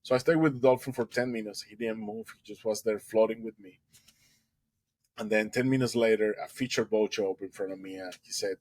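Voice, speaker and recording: A man's voice: lowish voice, brisk, darkish tone, slightly rough, dry recording, poor audio. A man, a guest in an interview, telling a story animatedly and acting out its dialogue.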